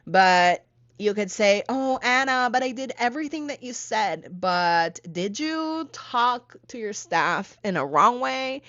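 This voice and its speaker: A woman hosting a solo talk on planning events, teaching in an animated, emphatic way with playful asides. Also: medium pitch, muffled recording. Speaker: podcast host and event coach.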